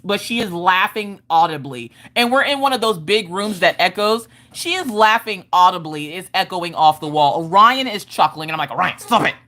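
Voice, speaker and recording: A woman in her thirties hosts a casual live stream. She tells a family story in a lively, animated way and acts out what other people said, at a middle pitch for a woman. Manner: animated, acts out quotes of others while telling a funny story. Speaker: streamer host. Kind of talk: casual storytelling chat with viewers.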